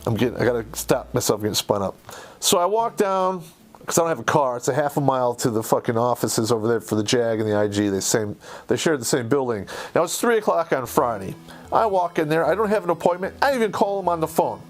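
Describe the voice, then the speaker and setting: A man, an army veteran, telling a story of his own service in a heated, profane, animated way. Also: medium pitch, quick pace. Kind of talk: casual storytelling.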